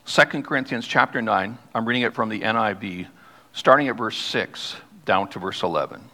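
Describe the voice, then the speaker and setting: Bright-voiced pastor preaching in a reverberant church. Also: male voice, lowish voice. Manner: emphatic, slows down to stress key words; reads scripture aloud, then explains it. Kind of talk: sermon. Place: church sanctuary. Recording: long hall reverb.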